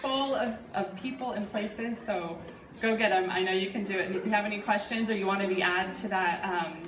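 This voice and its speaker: A woman's voice: medium pitch, a little fast, fairly bright tone, recorded from a distance. Chatty woman trainer in echoey room. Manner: chatty, encouraging, with fillers. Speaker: sales trainer. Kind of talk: live workshop presentation. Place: presentation room. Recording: echoey room from afar, audible noise.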